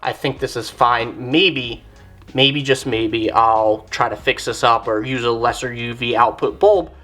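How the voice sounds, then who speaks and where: Low-voiced woman giving a chatty demo. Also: steady tone, measured pace, a bit bright, soft background music. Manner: chatty, thinks aloud, corrects herself. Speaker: reptile keeper and channel host. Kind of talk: casual hands-on demonstration.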